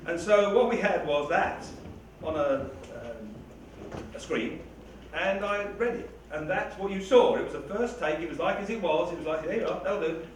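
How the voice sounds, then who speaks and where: An Englishman chats loosely with an audience, rambling and poking fun at himself. His voice sits a little high. It is caught from far off in a very echoey hall with steady background noise. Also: normal speed, hardly any pauses. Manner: rambling, self-deprecating, chatty with frequent laughs. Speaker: writer or reader speaking to a live audience. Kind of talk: casual talk-back with an audience.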